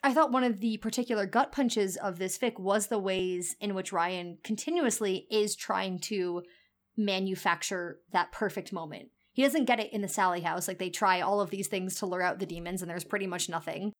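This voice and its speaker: A woman co-hosting a podcast, giving a thoughtful, measured analysis in casual chat, with frequent ums. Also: mid-range voice. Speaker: podcast co-host.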